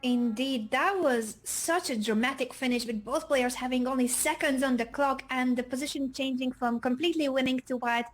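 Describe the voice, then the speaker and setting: Energetic woman hyping a chess stream. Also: high voice, moderate pace, hardly any pauses. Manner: energetic, hypes up the stream chat. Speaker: chess commentator. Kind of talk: live chess commentary.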